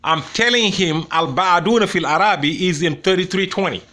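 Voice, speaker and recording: High-pitched male host, heated and mocking commentary. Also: brisk, pushed and bright. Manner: scornful, mocking, repetitive. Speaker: debate show host replaying a clip.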